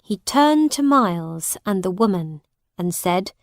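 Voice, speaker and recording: A woman narrating a graded-reader audiobook with a very slow, clear reading. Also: mid-range voice, expressive, no room sound, studio quality.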